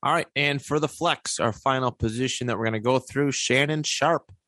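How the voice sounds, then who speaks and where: A man hosting a casual sports podcast, reading out stats with pauses and filler words. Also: medium pitch, fairly bright tone, dry recording, studio quality. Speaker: podcast host.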